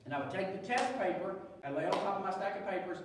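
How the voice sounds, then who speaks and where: A man giving a youth sermon, telling a funny story in an animated, chatty way. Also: sits high, fast, noisy background. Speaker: youth pastor. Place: large church hall. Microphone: distant from the mic. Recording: echoey hall, distant mic, faint ambience.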